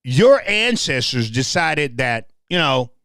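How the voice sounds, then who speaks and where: A man's voice: medium pitch, very animated, takes it slowly, a bit bright, no room sound. Passionate Southern man with a dry sound. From Memphis, Tennessee. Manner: passionate, repeats words, speaks to the audience directly. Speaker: host. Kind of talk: livestream commentary.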